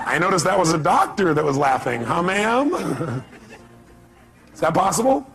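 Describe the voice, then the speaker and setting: A man's voice: high voice, big pitch swings, normal speed, over music. A man speaking live at a seminar, emphatic and repeating his key phrases, firing questions at the audience. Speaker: motivational speaker. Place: seminar hall.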